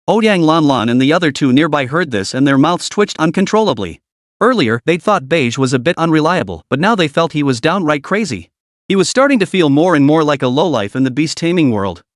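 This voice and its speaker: A man's voice: fairly high pitch, animated, brisk, no echo, studio quality. A man narrating a recap story in a dramatic, scripted style.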